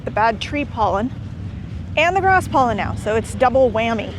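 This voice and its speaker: A woman narrates a casual travel vlog in a slightly high voice, wandering from one story to the next. She is recorded outdoors on a camera mic, with clear traffic and street sounds behind her. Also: animated, normal speed. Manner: chatty, rambling, enthusiastic. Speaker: vlogger host. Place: outdoors at a busy beach town.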